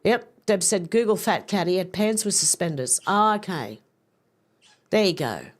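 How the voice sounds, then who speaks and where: A woman's voice: fairly low pitch, sing-song, measured pace. A middle-aged woman hosting a livestream, chatting casually, giggling as she reads viewers' comments aloud. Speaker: livestream host.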